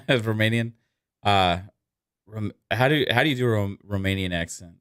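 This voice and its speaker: A man's voice: lowish voice, moderate pace, fairly bright tone, clean tone, no room sound. Jokey podcast co-host man, dry close sound. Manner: jokey, playful. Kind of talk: casual podcast chat.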